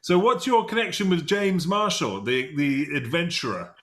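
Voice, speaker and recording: A man's voice: on the high side, sing-song, moderate pace, fairly bright tone. A man in his fifties from Britain, hosting a podcast interview in a chatty, meandering way. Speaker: podcast host. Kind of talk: casual interview chat.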